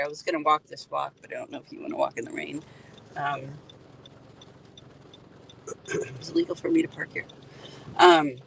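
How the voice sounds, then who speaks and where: A woman's voice: low-pitched, creaky, a bit bright, low-quality recording. A middle-aged woman talks from inside a parked car on a rainy night, a faint hum of traffic behind her. She is an EMT and a grieving mother, and she speaks earnestly and in close detail, pointing out places along the road. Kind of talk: emotional first-person account at a roadside.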